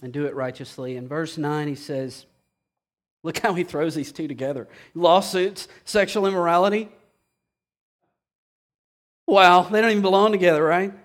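Man preaching, high voice, fiery, drops to a hush then builds back up. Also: steady tone, normal speed, long pauses. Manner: impassioned, swings from hushed to loud. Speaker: pastor. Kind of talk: sermon.

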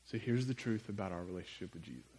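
A man preaching a sermon, telling stories in an animated way with conversational asides. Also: deep voice, racing, rough recording. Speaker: pastor.

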